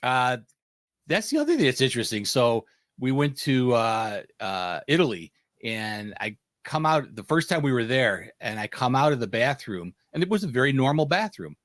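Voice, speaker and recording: On a dry recording, an American man with a mid-range voice speaks at a normal pace while hosting a casual panel podcast. His stories are lively, and he voices the quotes within them.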